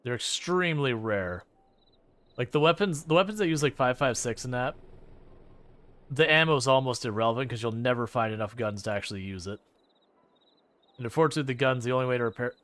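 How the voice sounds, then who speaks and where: A man's voice: medium pitch, fairly quick, pauses often, fairly bright tone. Laughing male gaming streamer. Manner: laughs often, rambling and joking. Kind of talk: casual gameplay commentary.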